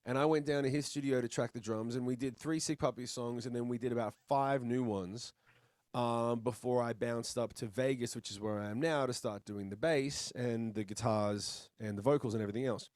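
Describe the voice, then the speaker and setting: Australian musician guest, mid-range voice, relaxed and blunt with casual swearing, recorded dry over a video call. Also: male voice, mid-range voice, a little fast, no room sound. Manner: laid-back, blunt, chatty, swears casually.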